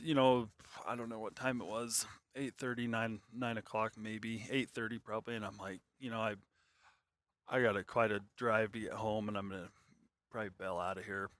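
A man's voice: on the low side, a bit bright. A man telling a long hunting story in casual, rambling talk, full of fillers and restarts.

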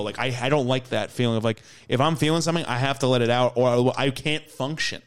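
A man's voice: mid-range voice, fast, few pauses, smooth. A man hosting a comedy podcast in casual chat, talking emphatically with frequent swearing and stammering restarts. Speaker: podcast host and stand-up comedian.

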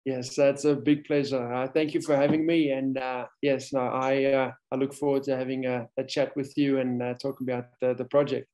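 A man's voice: mid-range voice, flat delivery, normal speed, few pauses, mellow. A man raised in South Africa, a safari photo guide, talking as a guest in a casual interview with many fillers and restarts.

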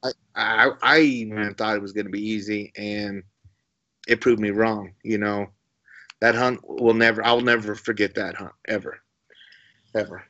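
A man's voice: on the low side, steady tone, moderate pace, pushed and bright. Rambling man telling a story on a dull, lo-fi recording. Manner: rambling, repeats words, chuckles often. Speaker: podcast guest, hunter. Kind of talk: casual storytelling. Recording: dull lo-fi sound.

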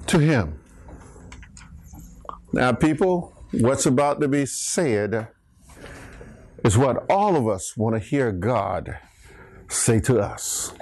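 A man preaching a sermon, emphatic and bantering with his congregation, rising to shouts on key words. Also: medium pitch, animated, slow, pauses often.

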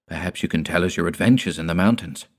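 A man voicing a young daughter who coaxes gently and quickly. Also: low-pitched. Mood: coaxing. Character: young woman, coaxing daughter.

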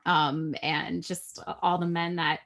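A woman author, a guest on a podcast, chatting in an animated way with frequent laughter. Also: lowish voice, slow pace. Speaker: guest, author and manifestation coach. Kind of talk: casual chat.

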